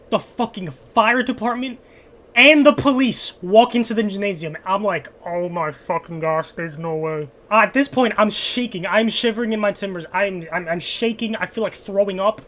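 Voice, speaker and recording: A young man casually telling a fan a story from his school days, animated and full of swearing. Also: high-pitched. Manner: animated, profane, dramatic storytelling. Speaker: YouTuber answering fan questions.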